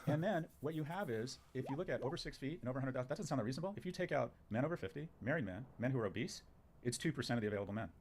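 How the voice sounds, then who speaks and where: A man's voice: medium pitch, expressive, rapid-fire, a little mellow. A man talks at a breakneck pace, firing off short, punchy statements as a guest on a talk show. His delivery is emphatic and opinionated. Faint background noise runs beneath his voice. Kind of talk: opinionated conversation.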